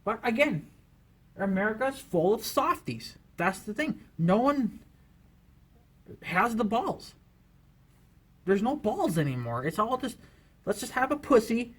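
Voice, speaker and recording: A man with a fairly high voice delivers a heated rant straight to camera as a vlogger. He swears constantly and circles back to "you know" again and again. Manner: profane and heated, filler-heavy with repeated "you know". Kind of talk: angry political rant to camera.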